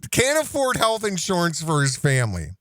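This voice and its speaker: A man's voice: high-pitched, wildly swooping pitch, measured pace, a bit bright, no room sound, studio quality. A middle-aged man hosting a reaction commentary show, mocking and sarcastic, breaking into laughs as he talks.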